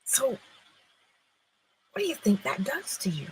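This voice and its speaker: A middle-aged woman giving an inspirational spiritual talk, expressive, moving between loud and hushed phrases. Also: mid-range voice, a little slow, slight background noise, low-quality recording. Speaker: spiritual teacher.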